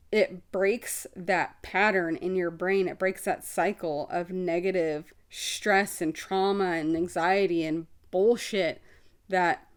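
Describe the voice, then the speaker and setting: A woman's voice: lowish voice, darkish tone. A woman hosting her own podcast, talking candidly and expressively about her life, with casual swearing. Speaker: podcast host. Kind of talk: candid personal podcast talk. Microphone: video podcast setup.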